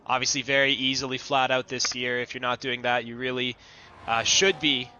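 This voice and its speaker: A man giving co-commentary on an online racing qualifying session, talking through lines and lap times in a steady, analytical way. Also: medium pitch, normal speed, muffled recording, a little hiss or hum.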